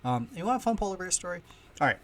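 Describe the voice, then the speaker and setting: A man hosting a casual solo podcast from home, chatty and storytelling, with loudness that swings often. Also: sits high, very animated, rapid-fire, slight background noise. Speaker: podcast host. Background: faint ambience of heating and kids upstairs.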